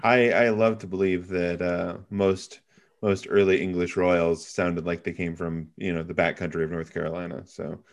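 A man with a fairly low voice talks through a film with friends in an easygoing way. He hesitates a lot, restarting sentences and filling gaps with ums and you-knows. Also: flat delivery, moderate pace. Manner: hesitant, many fillers and restarts. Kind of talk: casual film discussion.

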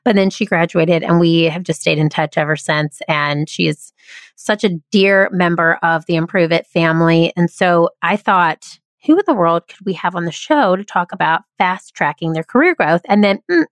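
A woman's voice: lowish voice, normal speed, no echo. A woman hosting a podcast, talking in an upbeat, effusive way as she welcomes her guest. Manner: enthusiastic, effusive. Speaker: podcast host.

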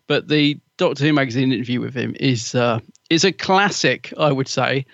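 A man's voice: mid-range voice, moderate pace, gravelly, fairly bright tone, no echo, highs cut off. A man co-hosting a podcast, chatty and gossipy, often laughing as he talks. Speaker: podcast co-host. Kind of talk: casual chat.

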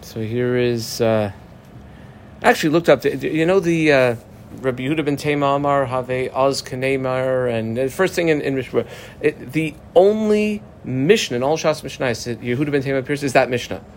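A man's voice: medium pitch, moderate pace, a little hiss or hum. A man teaching a Talmud lesson in a casual, chatty way, explaining and translating terms with many fillers and restarts.

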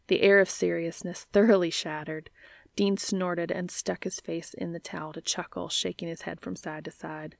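A woman reading a story aloud in a soft, half-whispered voice. Her voice is low and creaky, and it sounds dry and close to the mic. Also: flat delivery, normal speed, no room sound. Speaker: reader.

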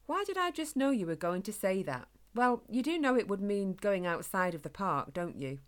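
A woman voicing a gently teasing hedgehog father speaking to his son. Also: medium pitch, sing-song, moderate pace, clean tone, natural voice. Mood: wry. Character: fatherly hedgehog dad, wry.

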